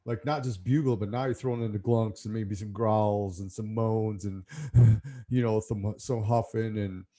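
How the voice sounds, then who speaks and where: Low, mellow-voiced male podcast host. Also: steady tone. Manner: musing, halting questions. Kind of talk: casual podcast interview.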